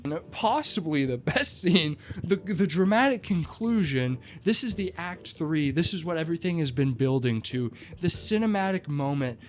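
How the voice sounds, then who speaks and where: A comedic movie reviewer tells a film's plot with sarcastic, animated storytelling and lots of "like" fillers. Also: medium pitch, moderate pace, few pauses. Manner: frequent "like" fillers.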